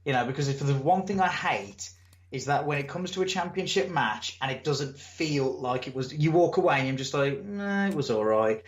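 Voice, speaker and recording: A man's voice: medium pitch, normal speed. Guy telling wrestling stories. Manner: animated storyteller, acts out crowd and promoter; swears casually. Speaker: wrestler, interview guest. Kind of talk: casual storytelling interview. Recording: echoey room, muffled lo-fi sound.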